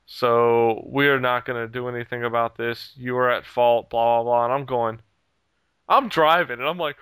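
A man's voice: mid-range voice, sharp tone, smooth, no echo. A man telling a heated story in casual chat, swearing freely and laughing at himself along the way. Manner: heated, profane, laughs at his own story.

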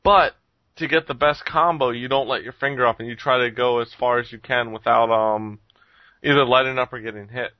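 A man's voice: medium pitch, steady tone, a little fast, no room sound, highs cut off. A man hosting a casual podcast chat, rambling with lots of ums and frequent chuckles. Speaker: podcast host reviewing games.

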